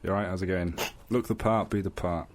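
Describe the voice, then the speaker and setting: A man's voice: deep voice, steady tone, fast. A man as a guest on a comedy radio show, bragging defensively and answering with mock politeness. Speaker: radio guest and rival host. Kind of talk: comic radio banter. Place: radio studio.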